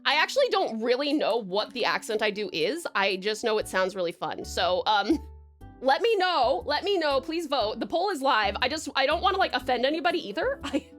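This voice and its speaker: A woman livestreaming, chatting casually with her viewers, giggling often and filling pauses with ums. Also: high-pitched, very animated, faint music behind. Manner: giggly, chatty, warm toward chat, many fillers.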